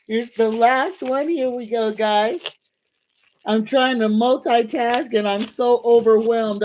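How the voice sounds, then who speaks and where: A woman's voice: a little high, darkish tone, slight background noise. A woman hosting a casual livestream as a tarot reader, gushing and grateful. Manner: gushing and grateful, talks slowly.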